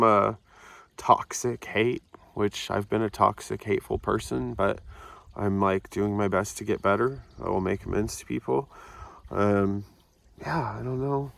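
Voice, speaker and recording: A man's voice: medium pitch, a bit bright, dry recording. A man telling a story to camera in a loose, rambling, profane way, mocking himself and laughing at his own jokes. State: sober, in recovery. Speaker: vlogger.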